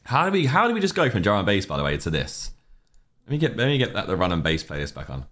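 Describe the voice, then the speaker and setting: A man's voice: fairly low pitch, wildly swooping pitch, quick pace, fairly bright tone. A young man, casually chatting on a livestream, rambling and reacting to chat messages with offhand opinions.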